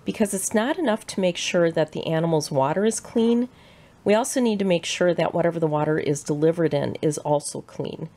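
A woman with a Midwestern American accent giving a clear, measured, scripted presentation as a shelter educator. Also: on the low side, a little mellow.

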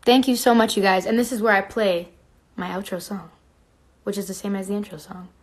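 A woman's voice: medium pitch, fairly even intonation, fairly quick. A young woman in her twenties hosting a casual phone livestream, chatty and playful, reading comments aloud and humming between remarks. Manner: chatty, playful, reads comments aloud, hums and breaks into song.

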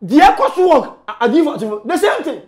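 A man being interviewed, talking in an emphatic, preachy way with sudden loud bursts. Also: very high-pitched, big pitch swings, moderate pace. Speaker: interview guest. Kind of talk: animated conversational interview.

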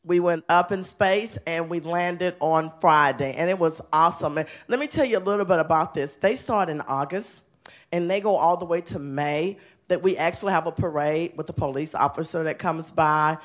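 An enthusiastic woman principal speaking at a council meeting. She talks in a chatty, warm-hearted rush and often breaks into laughter. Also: lowish voice, normal speed. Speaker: elementary school principal. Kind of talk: award presentation speech. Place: city council chamber.

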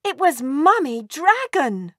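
A woman reading a children's storybook aloud in a gentle, expressive way. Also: high-pitched, slow, no echo, studio quality.

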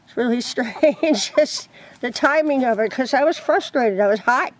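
A woman vlogging outdoors beside her chicken coop, in a higher-than-average voice. She chats loosely and rambles from one thing to the next, breaking into laughs often. Chickens cluck in the background. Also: normal speed. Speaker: crochet vlogger. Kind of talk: casual vlog chat.

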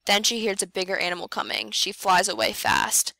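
Female teacher reading a picture book to first graders; bright voice, dry close sound, acts out the animal noises. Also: no room sound. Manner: reads slowly and clearly, voicing animal sounds with lively jumps in pitch. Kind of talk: picture book read-aloud for children.

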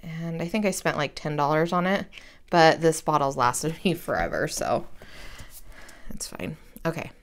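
A woman's voice: low-pitched, expressive, measured pace, long pauses, slight background noise. Chatty woman crafting at her desk. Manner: chatty, rambling and self-deprecating, with slangy asides. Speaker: crafting vlogger. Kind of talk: casual craft tutorial chat.

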